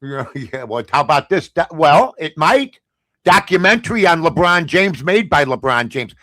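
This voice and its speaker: High-voiced, blunt ranting sports host. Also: male voice, big pitch swings, moderate pace, no room sound. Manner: blunt, sarcastic, swings from low mutters to loud outbursts. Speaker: sports talk show host. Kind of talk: opinionated sports talk rant.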